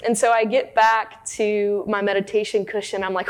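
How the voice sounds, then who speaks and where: A woman's voice: medium pitch, little pitch movement, moderate pace. A woman giving a dharma talk, telling a personal story in a candid, self-deprecating way. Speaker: meditation teacher.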